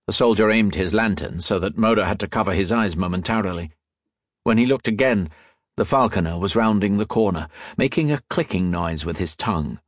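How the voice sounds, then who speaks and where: A man narrating an adventure audiobook in a dramatic, lively reading style with a slightly husky voice. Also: low voice, dry recording, studio quality.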